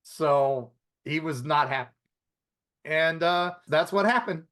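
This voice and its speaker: A man's voice: on the high side, slow, fairly bright tone. A man co-hosting a podcast, chatting casually and rambling through restarts and asides. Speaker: podcast co-host. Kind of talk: casual chat.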